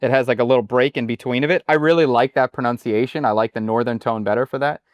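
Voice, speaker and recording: A man's voice: mid-range voice, quick pace, dry recording. Man explaining in a dry close sound. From United States. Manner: explains with animated examples. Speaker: chef and guest. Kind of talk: casual conversation.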